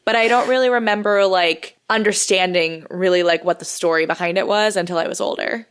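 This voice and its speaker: A woman's voice: fairly low pitch, a little fast, clean tone. A woman in her thirties co-hosting a podcast, chatting casually and rambling, often laughing. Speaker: podcast co-host. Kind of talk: casual chat.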